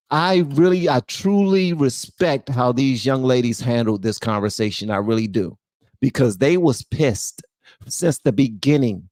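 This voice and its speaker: A man hosting a livestream, reacting to clips in casual, animated commentary and often repeating phrases. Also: mid-range voice, dry recording, clean studio sound. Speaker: host.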